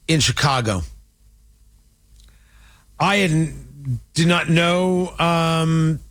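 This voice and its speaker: Host, male, high-pitched, indignant commentary delivery. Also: a bit bright. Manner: indignant, emphatic, mocking. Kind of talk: opinionated political commentary.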